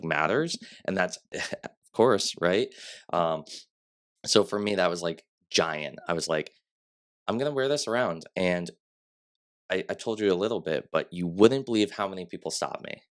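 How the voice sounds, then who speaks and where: Young male podcast guest, very low voice, sniffly, chatty storyteller who fills his talk with "like". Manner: storytelling with acted quotes, many "like" fillers. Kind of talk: casual podcast chat.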